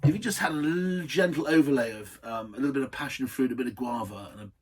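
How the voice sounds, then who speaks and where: Guy doing a casual wine tasting, husky voice, chatty and rambly, a bit off mic. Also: mid-range voice, fast, recorded from a distance. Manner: rambling, chatty and enthusiastic, full of asides. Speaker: wine reviewer, host.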